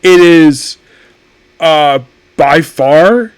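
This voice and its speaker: A man's voice: fairly high pitch, drawn-out words, smooth, dry recording. A man casually reviewing an anime episode, rambling and often correcting himself mid-sentence. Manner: rambling, self-correcting, animated.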